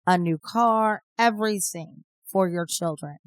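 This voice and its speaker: A woman's voice: lowish voice, unhurried, no echo. A woman in her fifties co-hosting a podcast, chatting casually and rambling through stories. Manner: rambling, storytelling, laughs often. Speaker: podcast co-host. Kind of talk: casual chat.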